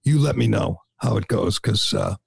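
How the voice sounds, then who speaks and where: A man's voice: lowish voice, animated, normal speed, vocal fry, breathy edge, no echo, clean studio sound. A male host talking casually and wryly, laughing often. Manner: chatty, wry, laughs often. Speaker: show host. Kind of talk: casual political talk.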